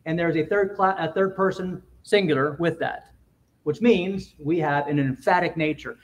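A man preaching a sermon in a church, emphatic, with quick asides and swings between loud and quiet. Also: a little high, lo-fi sound. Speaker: pastor.

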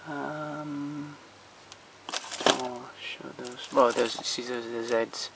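A man's voice: medium pitch, fairly even intonation, drawn-out words, creaky, very noisy. A man walking through his film collection at home in a casual, rambling way, blunt and opinionated, swearing freely and trailing off between titles, recorded on a handheld camera.

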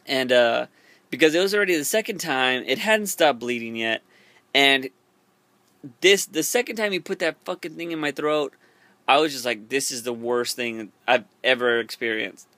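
A man's voice: mid-range voice, animated, moderate pace, bright, forceful tone, no echo. A young man casually telling a story to camera in a rambling, profane way, full of fillers and restarts. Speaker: vlogger.

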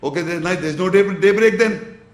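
Man giving a slow, probing religious lecture. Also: high voice, echoey room. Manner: explains slowly with gestures, checks the audience's understanding. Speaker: Islamic lecturer.

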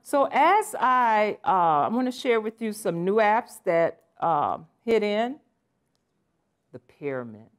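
A woman in her sixties giving a lively, playful conference presentation with exclamations and asides. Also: mid-range voice, slow pace. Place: conference session room.

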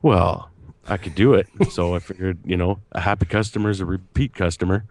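A man in a casual chat, rambling and hesitant, often pausing on fillers. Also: sits low, fairly even intonation, a little mellow.

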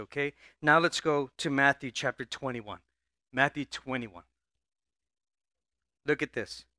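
A male pastor preaching a sermon in a church, animated, often repeating words and prompting the congregation to answer back. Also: fairly high pitch, no echo, studio quality. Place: church sanctuary.

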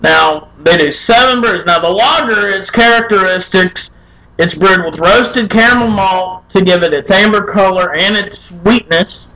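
A man hosting a casual beer review vlog, loud, folksy and irreverent, with playful chants. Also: high-pitched, a little slow, highs cut off, slight background noise. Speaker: beer review show host.

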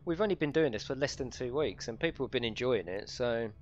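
Lively man bantering over a game. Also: mid-range voice, fast talker, highs cut off, faint music behind. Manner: laughs a lot, swears, banters. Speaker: co-streamer. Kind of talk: casual gaming stream chat.

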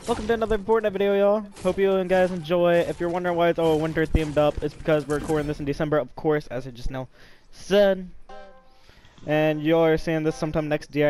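A man's voice: fairly high pitch, a little mellow. A young man and student rambling through casual gameplay commentary, talking to his viewers and cursing freely. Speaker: gamer.

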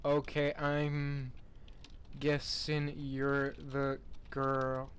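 A man's voice: medium pitch, completely flat delivery, takes it slowly, clean tone. A young man giving casual, sarcastic commentary while playing a game, mocking what he sees and laughing in bursts. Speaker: gamer.

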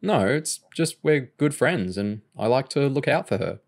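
An earnest, awkward teenage boy who sounds unsure of himself, in an audiobook reading. A man voices him, lifting his pitch slightly. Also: animated, normal speed, creaky.

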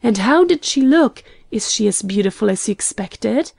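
A woman reading the part of a cheerful young lady friend in an audiobook, playful and rising into high exclamations. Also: measured pace, dark tone, no room sound, studio quality. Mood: excited.

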